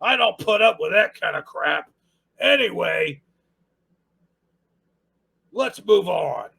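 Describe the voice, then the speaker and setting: A man's voice: high-pitched, lively intonation, takes it slowly, vocal fry, bright, forceful tone, husky. A man hosting a casual channel review, sarcastic and rambling.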